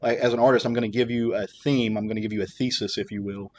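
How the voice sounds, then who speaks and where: A man's voice: medium pitch, steady tone, fast talker, darkish tone, slight background noise. A man hosting a podcast, chatting casually with lots of fillers and restarts. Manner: rambling, many fillers and restarts. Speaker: podcast host. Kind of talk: casual chat.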